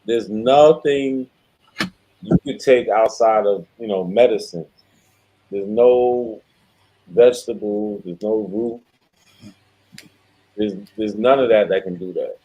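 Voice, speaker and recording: A man in a casual podcast chat, blunt and emphatic, with the occasional curse. His voice is low, mellow and husky. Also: takes it slowly, long pauses, muffled recording.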